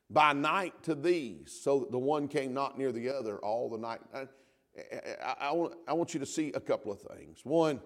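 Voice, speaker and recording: A middle-aged man, preaching a sermon in a church. He repeats "amen" often and builds from soft, confiding asides to loud shouts. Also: mid-range voice, long reverb tail. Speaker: pastor. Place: church sanctuary.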